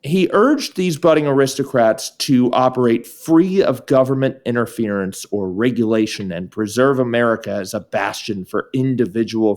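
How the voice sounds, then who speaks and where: A man co-hosting a podcast, narrating history and chatting casually. His voice sits at an ordinary mid pitch, and he drops in wry comments. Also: a little mellow. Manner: dry, wry asides. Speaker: podcast co-host.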